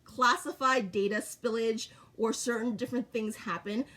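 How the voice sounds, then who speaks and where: A woman's voice: a little high, steady tone, moderate pace, a bit bright. A middle-aged woman vlogging in short, repetitive, blunt sentences. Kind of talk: casual monologue to camera.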